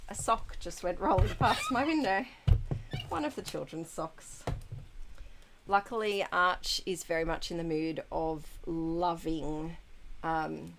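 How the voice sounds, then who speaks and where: A woman in her thirties hosts a relaxed live stream, answering chat messages one by one. Her voice sits on the low side and she talks at an unhurried pace, filling pauses with ums and small giggles. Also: background noise. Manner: chatty, frequent ums, giggles. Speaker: livestream host reading chat.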